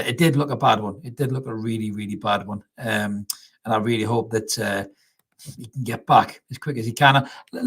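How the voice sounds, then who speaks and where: A husky-voiced middle-aged man, chatting casually as he hosts a live stream. He talks at an ordinary pitch, swears freely and piles on repeats like "really, really" for emphasis. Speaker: fan channel host reading live chat.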